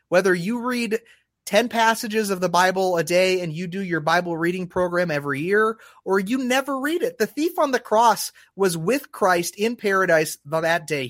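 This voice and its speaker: Earnest man with a higher voice. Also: a bit bright, no room sound, studio quality. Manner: earnest, halting, restarts often when emotional. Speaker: podcast co-host. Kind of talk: casual faith discussion.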